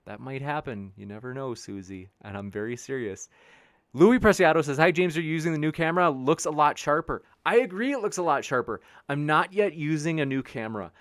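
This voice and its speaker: A man's voice: a little high, fairly quick, dry recording, clean studio sound. A man hosting a debate show live stream, reading viewer comments in a rambling, upbeat way, with many restarts. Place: home studio with a backdrop sheet behind.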